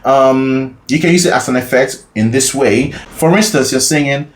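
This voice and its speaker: A man's voice: medium pitch, moderate pace, roomy sound. A man teaching a singing lesson as a vocal coach, explaining casually and often checking in with the listener. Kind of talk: singing lesson with sung demonstrations.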